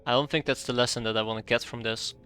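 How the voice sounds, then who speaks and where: Exasperated male game streamer, bright crisp voice. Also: medium pitch, steady tone, fast, faint music behind. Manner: exasperated, sarcastic running commentary with muttered math. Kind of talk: live gameplay commentary.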